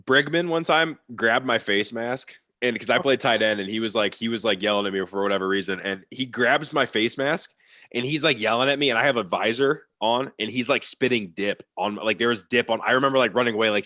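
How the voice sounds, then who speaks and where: A man's voice: fairly low pitch, sharp tone, no room sound, studio quality. A young man telling stories as a podcast guest in casual chat, heavy on "like" and swearing. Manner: rapid, filler-heavy with frequent "like" and swearing. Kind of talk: casual storytelling.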